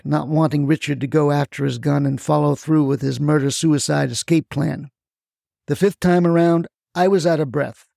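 A man tells a first-person story in a scripted, wry way. His voice has a gravelly fry and sits slightly high, and it comes across dry and close. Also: mellow, no echo. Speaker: narrator.

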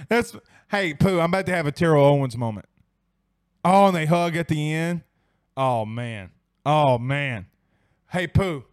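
A man's voice: fairly high pitch, lively intonation, a little slow, pauses often, smooth, no room sound, studio quality. A tipsy young man hosting a sports livestream, reading viewer comments in a rowdy, profane, laughing way. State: tipsy from whiskey. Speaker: sports show host.

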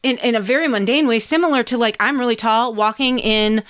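A woman's voice: a little high, a little fast, a bit bright, clear, resonant tone. A woman guest on a podcast, telling a story in a casual chat, acting out what people said and swearing freely. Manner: chatty, acts out her own and others' lines, swears freely.

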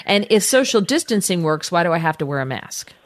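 A woman's voice: on the low side, sing-song, fairly quick, no echo. A woman hosting a talk radio show, thanking callers and putting direct, conversational questions to guests. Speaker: radio host.

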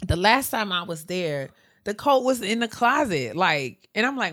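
A woman hosting a casual chat, telling animated stories with drawling asides. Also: medium pitch, normal speed.

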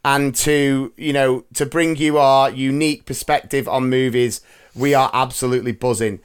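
A man's voice: mid-range voice, steady tone, normal speed, smooth. A man hosting a movie podcast, jokey, upbeat and chatty. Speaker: podcast host. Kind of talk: casual chat.

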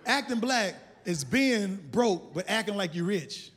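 Comedian from Chicago on a big stage: high, loud, animated delivery, roomy hall sound. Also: male voice, measured pace, slight background noise. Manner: loud, animated, shouts into character voices. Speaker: stand-up comedian. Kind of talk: stand-up comedy set. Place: large theater stage with audience.

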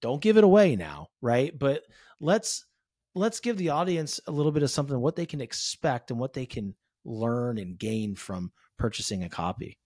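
A man hosting a podcast in casual interview chat, animated and peppering his talk with "right?" and "you know". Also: medium pitch, normal speed, no room sound, clean studio sound. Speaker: podcast host.

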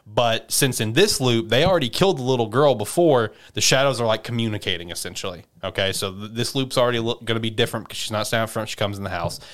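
Rambling man with a smooth, low voice. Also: quick pace, few pauses, fairly bright tone. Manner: rambling recap, full of "you know" and "like". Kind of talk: casual chat.

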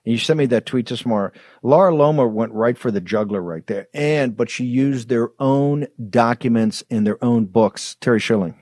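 Brisk combative male talk show host. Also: mid-range voice, a little mellow, no echo, clean studio sound. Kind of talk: political talk show hosting.

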